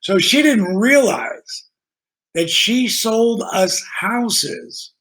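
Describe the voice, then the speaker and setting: A man guest on a podcast, telling casual stories in an animated, profane way and acting out the dialogue. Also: high voice, drawn-out words. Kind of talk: casual storytelling.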